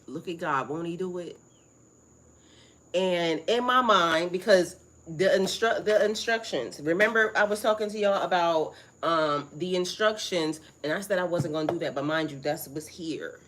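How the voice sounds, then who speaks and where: A middle-aged woman hosts a casual spiritual live stream. Her voice sits fairly low for a woman. She rambles, swears freely and gets more and more excited as she talks. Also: moderate pace, a little hiss or hum. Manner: rambling, excitable, profane, greets viewers by name.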